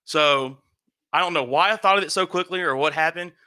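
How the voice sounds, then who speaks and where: Bright-voiced young man telling a story. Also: on the high side, fairly quick, clear, resonant tone. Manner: animated, swearing, acts out quotes. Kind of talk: casual storytelling.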